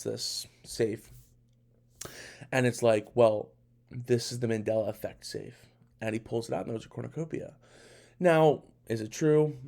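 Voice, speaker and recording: Gravelly-voiced young man, incredulous podcaster. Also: medium pitch. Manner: animated, incredulous, rambling with restarts. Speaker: podcast host. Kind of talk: casual solo podcast monologue.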